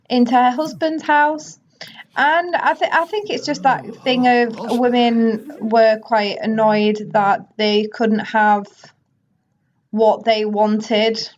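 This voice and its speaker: A slightly dull lo-fi recording, with a little hiss or hum, captures a woman with a somewhat high voice. She's a gaming video host chatting casually through a life-sim game, tossing in quick asides in character voices.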